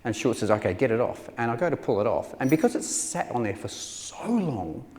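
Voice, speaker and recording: A man's voice: medium pitch, sing-song, fairly quick, a little mellow. Man telling a wry story in a hall. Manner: wry, self-deprecating, acts out quoted voices. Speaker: taxidermist giving a public talk. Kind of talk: anecdotal storytelling talk. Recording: hall reverb with faint ambience.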